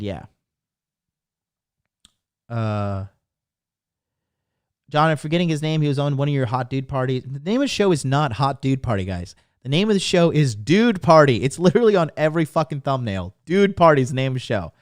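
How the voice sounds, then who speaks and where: Brash, profane man with a smooth voice. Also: mid-range voice, sing-song, moderate pace, pauses often, dry recording, studio quality. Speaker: podcast host. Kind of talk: casual podcast monologue.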